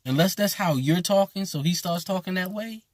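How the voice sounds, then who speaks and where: A man's voice: high voice, normal speed, no room sound. A man who teaches at a voodoo temple, talking bluntly and casually with emphatic repetition. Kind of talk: casual spoken commentary.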